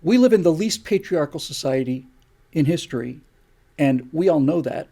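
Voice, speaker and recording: A man's voice: on the high side, expressive, normal speed, vocal fry, dark tone. An older man hosting a show, delivering an opinion monologue with emphatic, repeated rhetorical questions. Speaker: show host.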